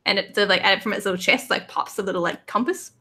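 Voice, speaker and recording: A woman's voice: medium pitch, quick pace, pushed and bright, husky. Woman telling her rpg character's scene, chill and rambly, lots of ums. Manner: casual, rambling, many fillers. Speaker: player narrating her character. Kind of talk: narrating a tabletop role-playing game.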